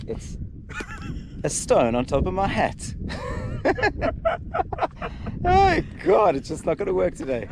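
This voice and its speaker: A man's voice: sits high, wildly swooping pitch, takes it slowly, pauses often, noisy background. A man guiding a trail run and narrating a vlog on desert hills, upbeat and joking as he explains the landmarks. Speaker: trail running tour guide. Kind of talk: outdoor vlog commentary.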